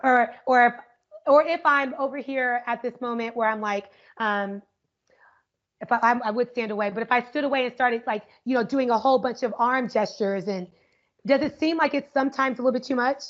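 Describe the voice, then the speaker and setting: A woman educator leading an interactive online workshop, energetic and upbeat, often checking in with "right?", speaking over a video call. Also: on the high side, a little fast. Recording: muffled lo-fi video call audio.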